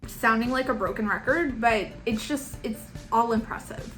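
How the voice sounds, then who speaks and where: A woman's voice: a little high, moderate pace, a bit bright, rough recording. A woman chatting earnestly and enthusiastically as a panelist. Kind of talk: casual chat.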